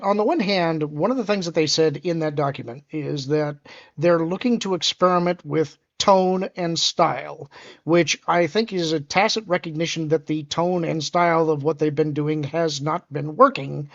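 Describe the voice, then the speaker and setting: A co-host on a commentary show, speaking in a measured, thoughtful way with some stammered restarts. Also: medium pitch, dull audio. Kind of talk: analytical commentary chat.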